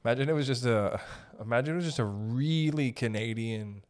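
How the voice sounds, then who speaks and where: A young man hosting a podcast, rambling through a profane, animated comedic monologue. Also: medium pitch, fairly quick. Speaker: podcast host.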